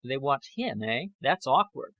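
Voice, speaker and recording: A man voicing a blunt, greedy, unpleasant scientist who speaks with slow, deliberate emphasis. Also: mid-range voice, sing-song, bright, forceful tone, no echo, dull audio, exaggerated voice. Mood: sneering.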